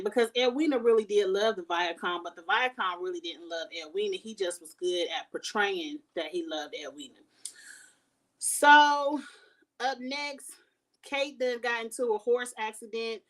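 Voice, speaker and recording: A woman giving a casual, animated TV recap, blunt and profane as she talks through the plot. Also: mid-range voice, distant mic. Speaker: TV show reviewer.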